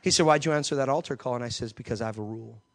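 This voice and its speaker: A man preaching a sermon, telling an animated story and acting out the voices in it. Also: medium pitch, very fast.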